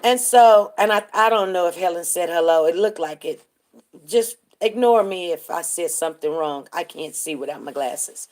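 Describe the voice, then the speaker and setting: A woman's voice: lowish voice, moderate pace, a little mellow. A woman hosting a live stream and telling a story in a casual, chatty way. She keeps breaking off to greet viewers by name.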